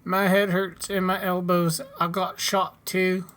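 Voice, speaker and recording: A man's voice: high voice, little pitch movement, measured pace, a bit bright. A man doing an anxious young Canadian frontiersman. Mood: worried.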